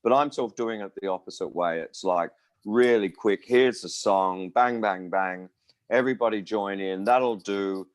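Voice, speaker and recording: An older man from Australia in his sixties tells long rambling stories in a relaxed interview. His voice sits low and dry, close to the mic with almost no room around it. He slips into other people's voices as he quotes them. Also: moderate pace, no echo. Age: 60s. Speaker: musician guest. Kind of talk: casual interview chat.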